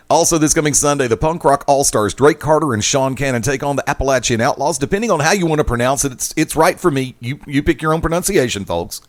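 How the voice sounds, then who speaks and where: Lively jokey male sports radio host. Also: medium pitch. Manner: jokey, reads event details like promo copy.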